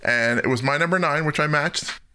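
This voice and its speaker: A man's voice: on the high side, fairly quick, sharp tone. A man hosting a casual music podcast, running a song countdown in a jokey, self-deprecating way. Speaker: podcast host. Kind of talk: casual music-talk chat.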